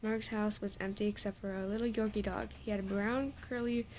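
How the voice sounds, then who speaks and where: A woman's voice: medium pitch, steady tone, normal speed, noisy background. A woman reading a fan story aloud, often tripping over words and correcting herself, with exasperated asides. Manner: stumbling reading with frequent self-corrections; breaks off into laughing, exasperated asides. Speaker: story reader.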